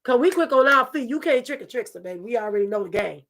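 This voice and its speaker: Sassy high-voiced woman host. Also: animated, fast talker, fairly bright tone. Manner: sassy, emphatic, calls listeners baby. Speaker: talk show host. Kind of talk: candid opinion talk.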